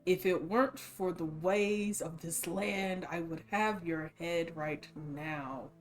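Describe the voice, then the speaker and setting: Vengeful man, woman voicing, spoken through gritted teeth, slow and grim, faint guitar under. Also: lowish voice. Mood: seething. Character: seething, vengeful man, a ruler.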